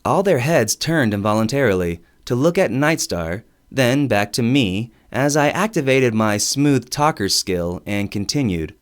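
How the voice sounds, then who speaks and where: A man narrating a first-person audiobook story in an expressive, wry storytelling manner. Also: medium pitch, measured pace, few pauses.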